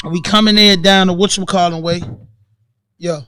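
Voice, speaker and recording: High-voiced Baltimore man telling stories. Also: moderate pace, music in the background. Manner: animated, acts out voices in his stories. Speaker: podcast guest. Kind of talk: casual storytelling chat.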